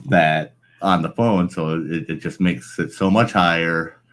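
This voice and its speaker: A man's voice: low voice, unhurried, a bit bright. A man chatting casually as a guest on a live stream, rambling with lots of filler phrases into a large microphone. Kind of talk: casual chat. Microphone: large studio microphone.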